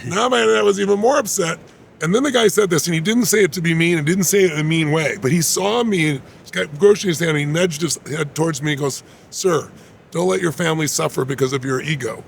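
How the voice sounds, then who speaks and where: A man's voice: fairly high pitch, quick pace, gravelly, a little hiss or hum. A man, an interview guest, telling a personal story with animation and acting out the quoted voices.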